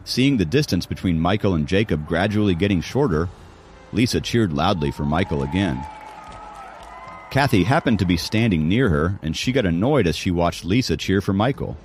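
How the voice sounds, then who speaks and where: A man's voice: deep voice, expressive, normal speed, a little hiss or hum. A man narrating an audiobook in a dramatic storytelling manner. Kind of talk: scripted narration.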